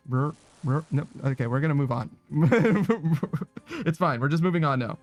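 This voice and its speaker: A man's voice: a little high, normal speed, darkish tone, soft background music. A man chatting casually while streaming a game, rambling, swearing and laughing at himself. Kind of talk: casual chat while gaming.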